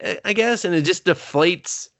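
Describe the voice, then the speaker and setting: A man's voice: sits high, normal speed, a bit bright, dry recording. A man co-hosting a casual movie review podcast, recapping scenes in a rambling, profane way full of fillers. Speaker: podcast co-host.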